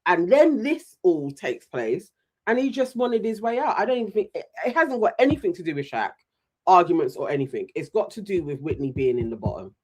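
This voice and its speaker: Animated man recapping reality TV. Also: sits high, brisk. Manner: animated, mimics voices when retelling scenes. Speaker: podcast co-host. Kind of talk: casual reality TV recap chat.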